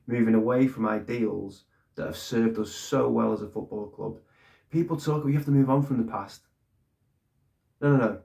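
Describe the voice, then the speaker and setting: A man's voice: on the low side, gravelly, darkish tone. A man giving blunt, ranting fan commentary on his club, swearing and repeating points for emphasis. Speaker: fan channel host.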